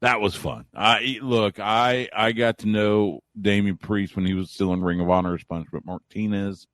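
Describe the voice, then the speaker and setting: Low-voiced man rambling as a radio guest. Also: normal speed, no room sound. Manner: relaxed, rambling, frequent restarts. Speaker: wrestling talk show guest. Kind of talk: casual chat. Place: Central Texas.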